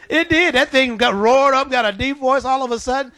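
A man's voice: extremely high pitch, very animated, unhurried, bright, forceful tone, no echo. A man preaching a sermon, telling stories in an emphatic, colloquial way.

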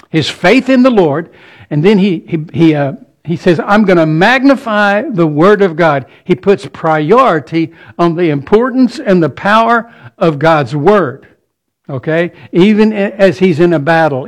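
A man preaching a sermon, earnest, often repeating words as he builds each point. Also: sits high.

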